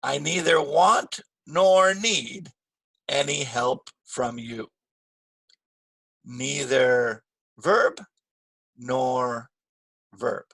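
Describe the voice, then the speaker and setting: A man teaching an English grammar lesson, slow and patient, repeating key phrases with stress. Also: medium pitch, bright, forceful tone, husky, no echo.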